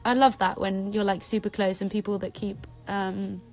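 A woman's voice: medium pitch, completely flat delivery, moderate pace, a little mellow, no echo, soft background music. Giddy woman on a live stream. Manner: breathless, giddy, squealing, repeats herself. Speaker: social media creator on a live stream. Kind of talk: excited live-stream chat. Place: bedroom at home.

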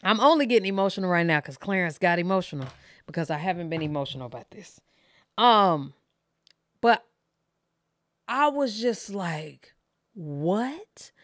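A woman's voice: lowish voice, animated, moderate pace, pauses often, fairly bright tone, no echo. A woman in her thirties, hosting her channel and telling her viewers a candid, emotional personal story in casual, profane speech. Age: 30s. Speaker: reaction channel host.

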